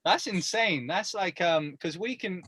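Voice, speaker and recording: A man co-hosting a casual podcast, tossing out deadpan absurd jokes and easy agreement. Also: sits high, measured pace, breathy edge. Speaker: podcast co-host. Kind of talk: casual chat.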